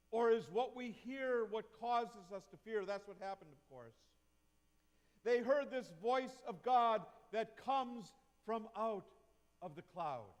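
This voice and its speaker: A male pastor preaching a sermon in a church, reflective and asking the congregation questions. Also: high voice. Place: church sanctuary. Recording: long reverb of a church hall.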